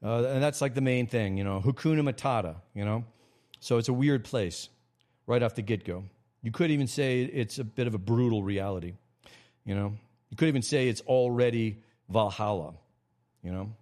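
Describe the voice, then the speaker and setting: A man from America hosting a casual livestream monologue, rambling with frequent restarts and sudden jumps in pitch. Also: normal speed, darkish tone. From United States. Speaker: host.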